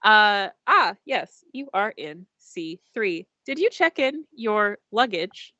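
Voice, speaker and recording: A woman's voice: mid-range voice, lively intonation, slow pace, bright, forceful tone, no room sound. A woman voicing an old male android ticket-taker who speaks with prim, formal courtesy. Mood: politely formal. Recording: dull lo-fi dry sound.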